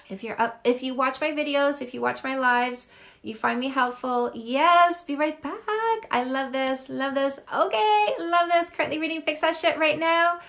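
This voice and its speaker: A woman's voice: fairly high pitch, a bit bright. A middle-aged Canadian woman, a dating coach hosting a live stream on her phone, chatting casually and gushing over viewer comments. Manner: effusive, gushing, quick and chatty.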